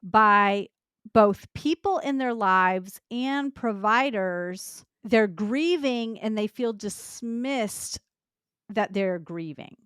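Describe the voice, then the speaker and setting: A woman's voice: medium pitch, slow pace, a bit bright, clean tone, no room sound, clean studio sound. A woman hosting a podcast, talking earnestly and with empathy about clients she counsels. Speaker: podcast host, lactation consultant. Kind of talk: podcast conversation.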